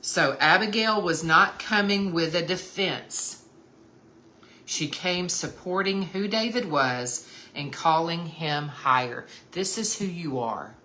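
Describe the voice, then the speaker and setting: A woman with a fairly low, pushed, bright voice gives earnest, emphatic devotional Bible teaching to other women, calling them sisters and repeating key points. She takes it slowly with lively intonation, and there's slight background noise.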